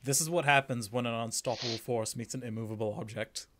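A man hosting a relaxed game stream, trading jokes with his co-player. His voice sits at a mid pitch and often sinks into soft, muttered asides. The delivery is loose and conversational. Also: quick pace, slight background noise. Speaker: streamer host. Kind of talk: casual stream banter.

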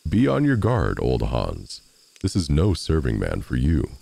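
A man voicing a huge, dim-witted male giant in a storybook reading, with slow, growling speech. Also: rumbling low, huge pitch swings, creaky, mellow, husky, heavily acted. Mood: fearful.

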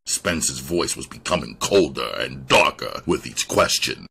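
A man's voice: very deep voice, animated, unhurried, gravelly, bright, forceful tone, breathy edge. A man reading a crime novel aloud as an audiobook narrator, telling the story expressively. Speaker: audiobook reader.

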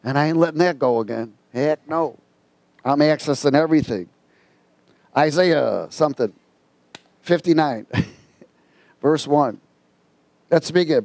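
A man delivers a sermon in a casual, folksy storytelling manner, slowing down to read scripture with emphasis. His voice sits somewhat high for a man. The sound is dry and close, with no room echo. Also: darkish tone. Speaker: preacher.

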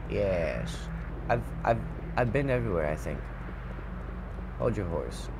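A man's voice: fairly low pitch, big pitch swings, measured pace, noisy background. A man commenting on a horror game he plays, mumbling and hesitant as he talks to himself. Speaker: gaming youtuber.

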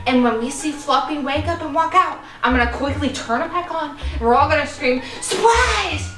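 A young woman vlogger play-acting a birthday party with plush toys, gushing and excitable, full of gasps and "like". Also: high voice, normal speed, reverberant, music in the background. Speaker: vlogger staging a toy pet party.

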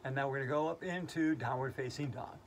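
A man's voice: mid-range voice, quick pace, slight background noise, close to an everyday voice. A man playing a giddy, quirky female yoga teacher who keeps breaking into giggles as she leads a comedic lesson. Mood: playful. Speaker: yoga instructor.

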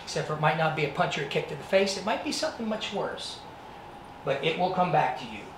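A man giving a motivational talk to students, telling his story in a dramatic, animated way. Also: a little high, fast, background noise. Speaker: actor and martial artist giving a presentation. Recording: echoey room, distant mic.

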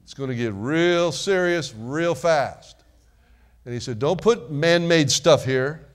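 Man, pastor, sermon, folksy conversational delivery, somewhat high pitch. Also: slow pace. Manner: conversational preaching with folksy asides, calls for amens.

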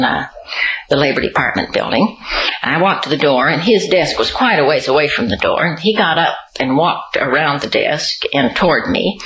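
Unhurried woman reminiscing, in an echoey room. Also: sits low, fairly bright tone. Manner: unhurried reminiscing storyteller, occasional light laughs. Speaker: interviewee. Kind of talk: oral history interview.

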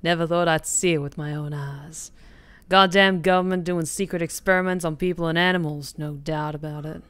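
A woman putting on a gruff old Cajun swamp man. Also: steady tone, fairly bright tone, no echo. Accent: Cajun, put on. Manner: slow, low drawl.

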